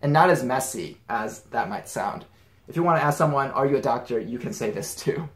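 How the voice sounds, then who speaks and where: A man's voice: mid-range voice, a little fast. Male teacher, casual lesson, easygoing step-by-step explainer, echoey room. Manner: relaxed, explains step by step with examples. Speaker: language teacher. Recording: roomy echo.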